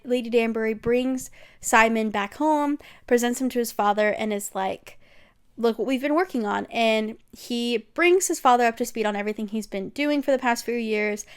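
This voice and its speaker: A young woman talks in a casual, animated way, gushing and throwing in slang and the odd swear word. Her voice sits fairly high. She recaps a series for her vlog audience. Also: clean tone.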